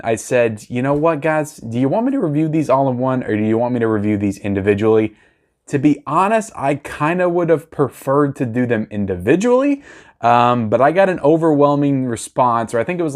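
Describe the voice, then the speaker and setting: A man, chatting casually to viewers as he unboxes and reviews movies. He is excitable and repeats himself often. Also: medium pitch.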